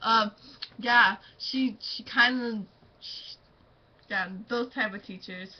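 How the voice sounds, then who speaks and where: A woman's voice: on the high side, slow, muffled recording. A teenage girl chatting about teachers to her camera, rambling with lots of fillers and breaking into giggles. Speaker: student vlogger. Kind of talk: casual storytelling.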